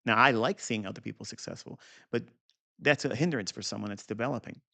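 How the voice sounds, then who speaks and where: Man, gravelly voice, mid pitch, blunt and profane, rambling live trading lesson, repeats himself for emphasis. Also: fast talker, bright, forceful tone. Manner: blunt, profane, digressive, talks to the viewer directly; repeats key points for emphasis. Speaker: trading educator. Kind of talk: live market review lesson.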